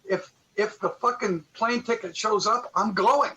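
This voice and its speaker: A man with a high, bright voice tells a long story on a casual interview show. He swears freely and acts out each line of quoted dialogue. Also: unhurried, low-quality recording. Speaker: guest musician.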